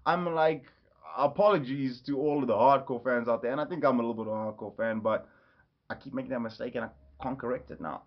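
A man's voice: mid-range voice, fast. A man giving an enthusiastic, rambling casual vlog review, often correcting himself. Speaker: movie reviewer. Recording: slightly dull lo-fi audio.

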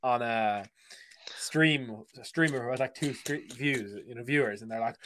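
A teenage boy co-hosting a casual podcast, quick and jokey. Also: mid-range voice, a bit bright, slight background noise. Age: teens. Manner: fast, jokey, slips into silly voices. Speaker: podcast co-host. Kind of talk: casual chat.

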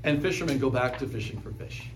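A pastor preaching a sermon in a conversational way, with quick asides and chuckles. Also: male voice, medium pitch, slight background noise.

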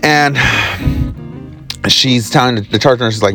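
A man's voice: mid-range voice, unhurried, a bit bright, soft background music. A man hosting his own podcast, telling a work story in a casual, rambling way with lots of swearing and fillers. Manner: rambling, profane, with many fillers. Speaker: podcast host. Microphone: recording on the job, from a motel.

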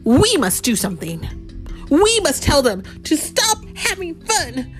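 A woman voicing a worried, gloomy male snake in a storybook read-aloud, speaking slow and earnest. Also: sits high, sing-song, a bit bright, soft background music, pitched above the performer's own voice, full character voice.

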